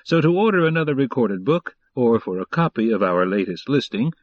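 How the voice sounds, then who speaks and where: Male announcer, mid pitch, even promotional read. Dry, dull audio. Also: fairly quick, no room sound. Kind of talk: scripted announcement.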